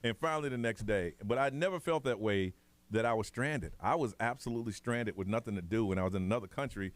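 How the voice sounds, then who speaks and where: Male morning radio host, quick and animated, dry close mic, does the voices in his stories. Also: on the low side, dry recording. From United States. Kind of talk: casual storytelling on morning radio. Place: radio studio.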